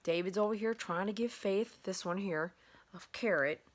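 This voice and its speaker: This woman has a medium-pitched voice and keeps a moderate pace. She's a dog groomer and channel host telling a chatty, meandering vlog story in her bedroom, stumbling over fillers and starting sentences over.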